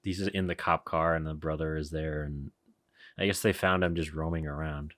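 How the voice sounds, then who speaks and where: A man co-hosting a podcast, chatting casually about a film, quick to laugh, with lots of fillers. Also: a bass voice, fairly even intonation, fairly bright tone. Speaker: podcast co-host. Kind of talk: casual movie review chat.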